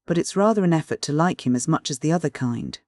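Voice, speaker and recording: A reader voicing a calm woman, a soldier's daughter, who speaks quietly and in a measured way in an audiobook. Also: sits low, no room sound, studio quality. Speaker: character in an audiobook. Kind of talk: audiobook reading.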